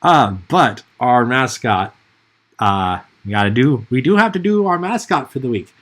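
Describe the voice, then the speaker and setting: A man's voice: mid-range voice, lively intonation, measured pace, a bit bright. A man hosting a casual podcast chat, rambling and hesitant with many fillers. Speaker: podcast host.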